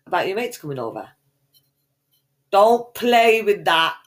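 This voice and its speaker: Sweary woman, lively sing-song voice. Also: medium pitch, a little slow. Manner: foul-mouthed, mock-insulting. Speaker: podcast co-host. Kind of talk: casual podcast banter.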